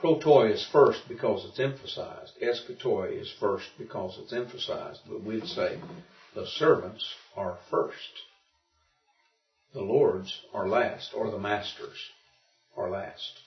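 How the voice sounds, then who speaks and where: A man's voice: fairly low pitch, slow, soft background music. A man teaching a Greek lesson in an informal classroom. He explains patiently as he thinks aloud, with frequent restarts. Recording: muffled and roomy, from far off.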